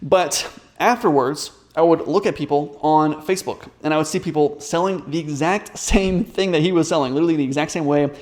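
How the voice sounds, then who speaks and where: A man's voice: fairly high pitch, brisk. A man telling a business story in a casual, rambling way, with many fillers and restarts. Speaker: business coach.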